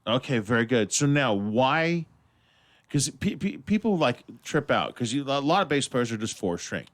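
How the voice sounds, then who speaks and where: A man hosts a loose radio talk show from the studio. He rambles, cusses casually, and lets half his sentences hang unfinished. His voice sits in an ordinary middle pitch. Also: very animated, normal speed. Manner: rambling and profane, trailing off mid-sentence.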